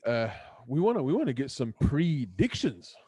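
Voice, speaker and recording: A man's voice: medium pitch, sing-song, moderate pace, dark tone, slightly rough, no echo. A man hosting a podcast, asking long rambling questions and laughing often. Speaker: podcast host. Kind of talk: casual podcast chat. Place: lives in Dubai.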